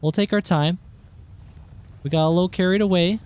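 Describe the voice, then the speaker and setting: A man streaming a game live, chatting casually with viewers and reacting with excited outbursts. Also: high voice, brisk, slight background noise.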